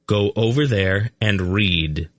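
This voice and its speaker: A man's voice: lowish voice, takes it slowly, no room sound, clean studio sound. A man reading the part of an earnest young man who grimly insists on being heard. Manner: grim, insistent.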